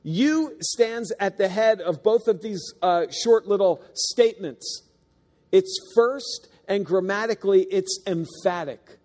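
A man's voice: high voice, expressive, measured pace, a little mellow, in a large hall. A man preaching a sermon, earnest and emphatic, stressing key words and sometimes restarting his sentences. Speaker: pastor. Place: church sanctuary.

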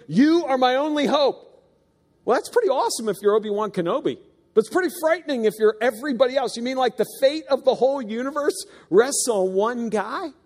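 A man's voice: very high-pitched, darkish tone, in a large hall. A man preaching a sermon, earnest and emphatic, stressing key words and sometimes restarting his sentences. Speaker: pastor. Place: church sanctuary.

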